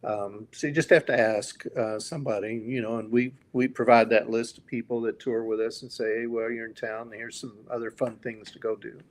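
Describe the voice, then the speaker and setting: A man's voice: medium pitch, fairly even intonation, a little fast, hardly any pauses. A man who runs bourbon tours, a guest on a casual podcast, explaining things in an easygoing way with fillers. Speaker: guest, bourbon tour operator.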